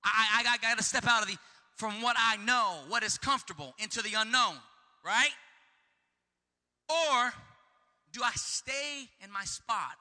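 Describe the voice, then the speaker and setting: A man preaching a sermon with passion, repeating himself and acting out shouted pleas. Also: very high-pitched, unhurried, pauses often, long reverb tail. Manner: impassioned, repetitive, acts out shouted pleas.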